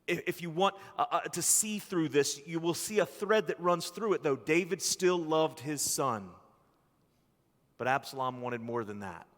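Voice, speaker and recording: A man preaching a sermon as pastor, earnest, with long pauses and some restarts. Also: a little high, animated, in a large hall. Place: church sanctuary.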